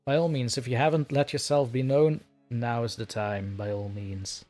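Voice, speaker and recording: A man in a casual livestream chat, rambling and chatty and quick to laugh. His voice sits at an ordinary middle pitch, with faint music in the background. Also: steady tone, a little mellow. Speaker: livestream host and story narrator.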